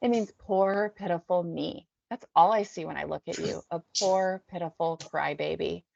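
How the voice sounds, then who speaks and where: Woman doing a shrieking teen girl, mocking, shrill, dry sound. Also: steady tone, normal speed, vocal fry, a little mellow, no room sound. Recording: dull dry lo-fi recording.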